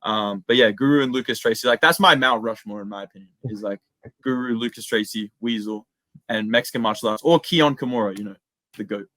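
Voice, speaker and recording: A young man with an Australian accent chatting casually as an interview guest, slangy and relaxed. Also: lowish voice, fairly quick, no echo. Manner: laid-back, slangy, says "man" and "bro" a lot. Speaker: guest, MMA YouTuber.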